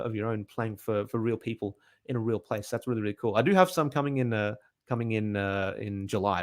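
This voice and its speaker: Young Aussie male bass teacher, casual live Q&A, upbeat, filler-heavy, mid-pitched. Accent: Australian. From Australia. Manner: chatty and upbeat, many filler "uh"s and restarts. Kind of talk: casual livestream Q&A.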